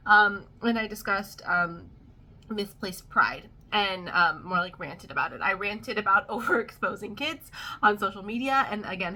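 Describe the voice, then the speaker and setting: A woman's voice: medium pitch, pushed and bright. A young woman vlogging at home, talking casually and laughing at herself, with lots of ums and likes. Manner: chatty, laughing, self-deprecating, many fillers. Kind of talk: casual storytime vlog.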